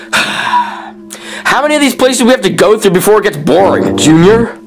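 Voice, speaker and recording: A man performing improvised puppet comedy with a high, animated voice. He sounds exasperated and sarcastic. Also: measured pace, creaky, long pauses, music in the background. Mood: annoyed.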